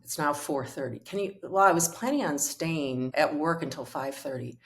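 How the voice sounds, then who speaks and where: A woman's voice: low-pitched, expressive, measured pace, hardly any pauses. A middle-aged woman, a coach and author, telling a personal story in conversation and acting out the quoted dialogue.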